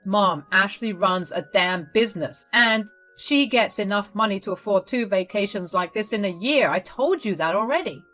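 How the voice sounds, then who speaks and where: A woman's voice: medium pitch, normal speed, few pauses, pushed and bright, soft background music, natural voice. A woman doing an outraged young husband. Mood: angry. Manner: indignant, scolding. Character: angry protective young husband.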